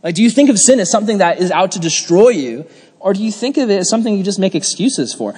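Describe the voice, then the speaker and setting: A man's voice: high voice, very animated, fast, darkish tone, breathy edge, big-room sound. A young man giving a casual youth sermon, jokey and chatty, full of "like" and laughs. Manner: chatty, jokey, lots of "like", laughs while telling stories. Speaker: youth pastor.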